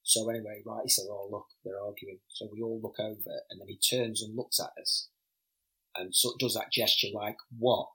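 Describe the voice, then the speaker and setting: A middle-aged former footballer, a man, telling animated anecdotes in a casual podcast interview, often stammering and repeating words. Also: on the low side, a little fast, low-quality recording.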